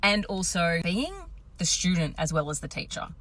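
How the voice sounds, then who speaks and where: A woman in her thirties, a confidence coach, casually telling a story to camera, lively and quick to swear. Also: lowish voice. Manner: animated, swearing, acts out quotes.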